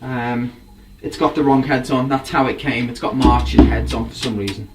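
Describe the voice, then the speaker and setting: A man's voice: mid-range voice, fairly even intonation, moderate pace, over music. A man, a drum collector, casually showing off his gear with rambling enthusiasm. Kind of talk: casual show-and-tell. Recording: voice from a distance, faint background noise.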